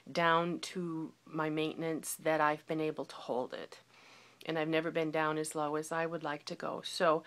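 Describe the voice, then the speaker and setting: Woman, forties, confessional video-diary delivery, lower register with a bright edge. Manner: candid, reflective, confessional. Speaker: vlogger.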